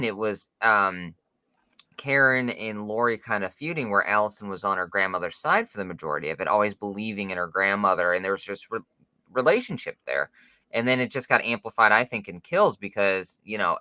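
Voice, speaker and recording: A man co-hosting a podcast, talking through a film in halting, casual chat with many fillers. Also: on the low side, bright, forceful tone, no echo. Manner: hesitant, halting with restarts and fillers. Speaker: podcast co-host.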